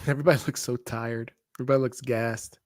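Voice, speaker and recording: Another live wrestling watch-along co-host, a fast talker with a medium-pitched, steady tone, keeps up joking, chatty commentary and loud reactions. The studio-quality recording has no room sound.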